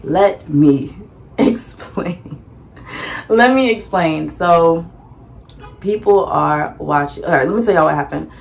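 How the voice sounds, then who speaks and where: A young woman vlogger casually recounting her vendor experience, acting out conversations with animated voices and frequent laughter. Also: takes it slowly, gravelly, long pauses. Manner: animated, acts out dialogue with big pitch jumps and laughs. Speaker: vlogger and small business owner. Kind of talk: casual storytelling recap.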